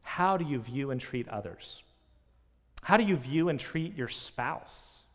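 A man preaching a sermon, earnest and full of rhetorical questions, swinging between loud emphasis and quiet. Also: medium pitch, lively intonation, unhurried. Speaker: pastor. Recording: long reverb of a large hall.

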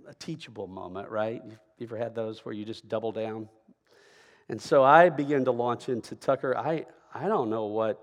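A middle-aged man preaching a sermon as a pastor, telling a story conversationally and often checking in with "right?". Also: medium pitch. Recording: long reverb of a large hall.

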